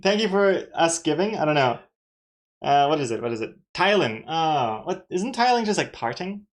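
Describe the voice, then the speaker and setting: A woman's voice: deep voice, big pitch swings, moderate pace. A woman from Austria chatting casually on a live stream, playful and self-mocking, often laughing at herself.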